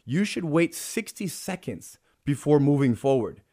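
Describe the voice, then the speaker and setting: A man's voice: on the high side, big pitch swings, a little slow, warm tone. A man guest on an interview podcast, a jiu-jitsu instructor, talking in an earnest, explanatory way and repeating phrases for emphasis.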